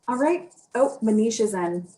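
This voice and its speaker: Mellow-voiced woman moderating a demo day. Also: on the high side, animated, moderate pace, poor audio. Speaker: event moderator.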